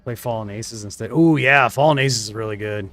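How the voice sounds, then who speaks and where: A man's voice: on the low side, brisk, fairly bright tone, faint music behind. A young man streaming a shooter game, chatting casually and trailing off into mumbled asides. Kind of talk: casual gameplay commentary.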